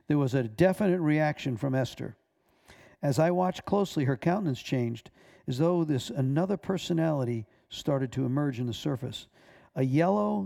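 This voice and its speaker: A man reads a testimony aloud in a measured way, stumbling now and then. His voice is gravelly and mellow, sitting a little high for a man. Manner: measured reading with small stumbles. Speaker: minister.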